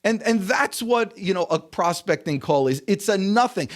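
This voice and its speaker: A man from the United States, a sales coach telling stories as a guest on an interview podcast, animated and chuckling between points. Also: sits high, moderate pace, hardly any pauses. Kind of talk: casual interview storytelling.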